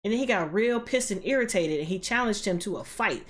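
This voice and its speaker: A woman hosting a reaction video, recapping an episode in an animated, slangy, profane way. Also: mid-range voice, brisk.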